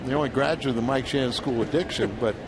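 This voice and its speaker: A man's voice: mid-range voice, fast talker, background noise. A man doing baseball color commentary from the booth, folksy and joking, with offhand asides. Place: broadcast booth. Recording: broadcast audio with loud crowd and ambience behind.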